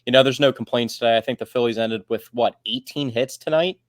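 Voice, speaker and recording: A man's voice: medium pitch, brisk, dry recording, clean studio sound. A man co-hosting a casual sports podcast, teasing his partner and steering the topics. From Philadelphia area. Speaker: podcast co-host.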